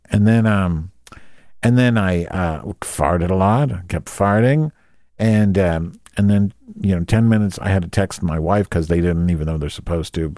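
A man's voice: sits low, unhurried, dark tone, no room sound, clean studio sound. A man telling a rambling comic story, crude and sarcastic, often going off on tangents.

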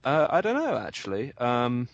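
A man chatting as a guest on a call, hesitant and filling pauses with many ums. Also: medium pitch, wildly swooping pitch, gravelly, no echo, lo-fi sound. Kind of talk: casual call chat.

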